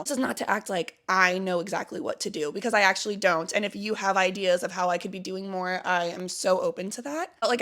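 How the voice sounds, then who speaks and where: A woman's voice: mid-range voice, a bit bright. A woman talking in a casual confessional vlog as a spiritual content creator, rambling and searching for words with lots of "like".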